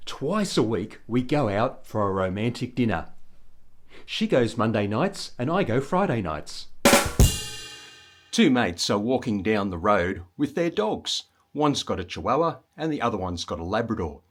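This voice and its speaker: A man's voice: fairly low pitch, a little slow. A man in his sixties with an Australian accent, telling dad jokes and chuckling at them. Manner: chuckles at own jokes, animated delivery. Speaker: joke teller. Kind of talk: recorded dad-joke telling.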